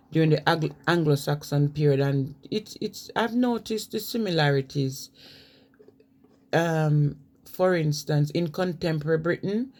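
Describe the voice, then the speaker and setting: A woman's voice: low-pitched, warm tone. Jamaican woman giving a chatty lecture. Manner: conversational, reads from notes with frequent fillers. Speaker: presenter on language. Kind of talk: informal spoken lecture.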